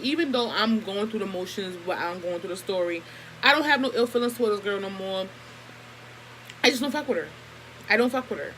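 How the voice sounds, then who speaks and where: A woman's voice: a little high, a little hiss or hum, low-quality recording. Heated profane young woman storyteller. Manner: profane, animated, heated retelling. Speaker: vlogger. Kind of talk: casual storytime.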